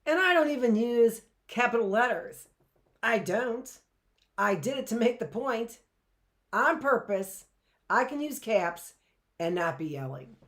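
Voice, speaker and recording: A woman's voice: medium pitch, fairly bright tone. A middle-aged woman teaching a live online class in a chatty way, often checking in with "right?" and rhetorical questions.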